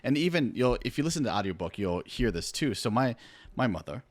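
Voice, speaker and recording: A man, an author, chatting casually on a podcast, rambling and dropping quieter when he turns earnest. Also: medium pitch, sing-song, quick pace, dry recording.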